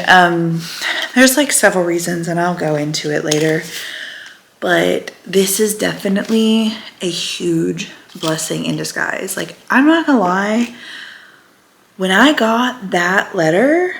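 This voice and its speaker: A woman's voice: on the low side, a bit bright, a little hiss or hum. A woman vlogger talking casually and candidly to the camera, sometimes dropping to a near whisper. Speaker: lifestyle vlogger. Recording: echoey room.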